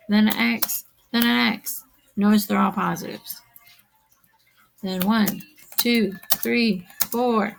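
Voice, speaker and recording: A woman's voice: medium pitch, vocal fry, slight background noise, poor audio. A woman teacher recording a math lesson, speaking straight to her students, counting aloud and checking that they follow.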